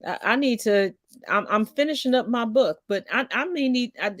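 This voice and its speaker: A woman of Caribbean background hosting a casual conversation, playful and lively. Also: on the high side, normal speed, no room sound, clean studio sound. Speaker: host.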